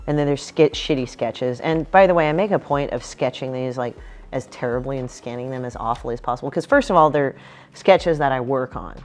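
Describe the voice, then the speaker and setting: A woman's voice: rumbling low, fairly quick, darkish tone. A woman comic artist chatting casually about her book, blunt and profane, often acting out quotes from people in her stories. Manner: acts out quotes in other voices.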